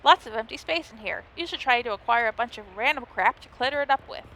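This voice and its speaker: A woman's voice: on the high side, animated, fast, bright, forceful tone. A woman hosting a let's play, reading the game's narration aloud and chatting playfully between lines. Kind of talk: gameplay commentary, reading game text aloud.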